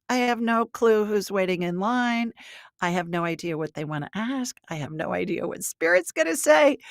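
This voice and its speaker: A woman hosting a live call-in show, chatty and quick to laugh, her pitch jumping up when excited. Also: no room sound, studio quality. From Alabama, US South. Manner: chatty, laughs easily, lively swings in pitch. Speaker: host and intuitive reader.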